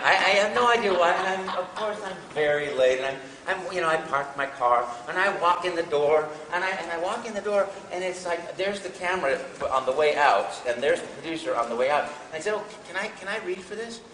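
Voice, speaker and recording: An older man and voice actor, telling animated, self-interrupting stories at a live panel in a large hall. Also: on the high side, brisk, few pauses, a little hiss or hum. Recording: echoey hall from far off.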